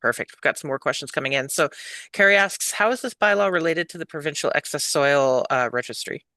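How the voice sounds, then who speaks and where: Bright, friendly male meeting moderator. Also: fairly high pitch, fairly quick, no echo. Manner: friendly, upbeat, relaxed. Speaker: meeting moderator reading out questions. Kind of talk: moderating an online public meeting.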